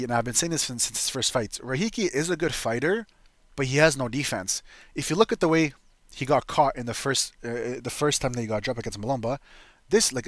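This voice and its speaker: Young male host, blunt and profane, rambling fight analysis, mid pitch, dry close mic. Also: a bit bright, no room sound. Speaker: MMA fight predictions host. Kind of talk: casual profane fight breakdown.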